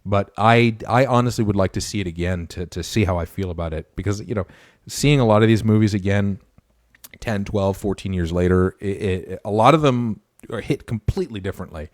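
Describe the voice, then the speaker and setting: A man's voice: lowish voice, fairly quick, no room sound, studio quality. A young man from Canada co-hosting a podcast, chatting casually and reading out comments from viewers. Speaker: podcast co-host. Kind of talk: casual chat with live chat readers.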